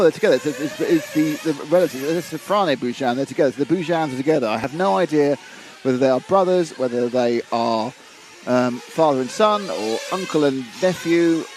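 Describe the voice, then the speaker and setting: A man's voice: a little high, darkish tone, a little hiss or hum, poor audio. A man giving live race commentary on a stream, chatty and wry, reading viewer comments and tripping over names. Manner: stumbles over names and restarts.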